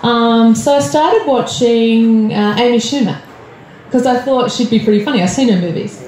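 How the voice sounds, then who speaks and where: At normal speed, a nervous Australian comedian works the comedy club stage with a somewhat high, slightly mellow voice. Her chatty set is self-deprecating and littered with ums, while the roomy venue picks up faint crowd noise.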